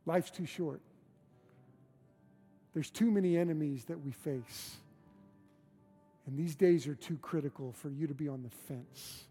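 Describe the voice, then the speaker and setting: A man's voice: on the high side, dark tone, slightly rough. A man preaching a sermon as pastor in a church, conversational and emphatic, with repeated phrases. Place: church sanctuary.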